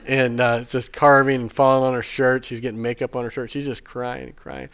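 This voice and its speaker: A man preaching a sermon, telling a personal story in a chatty, rambling way with fillers and restarts, then turning hushed and earnest. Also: mid-range voice, a little fast, smooth.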